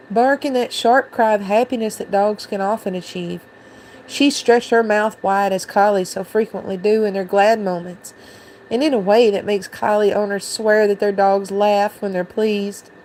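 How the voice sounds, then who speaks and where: A woman's voice: medium pitch, fairly even intonation, normal speed, a little mellow, slight background noise, low-quality recording. Woman reading a storybook aloud. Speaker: channel host reading aloud.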